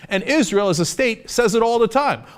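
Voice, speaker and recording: A man's voice: very high-pitched, lively intonation, moderate pace, clean tone. An American man giving an opinion commentary, indignant and sarcastic, with many filler words. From United States. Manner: indignant and sarcastic, mocks opponents in put-on voices. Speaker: political commentator.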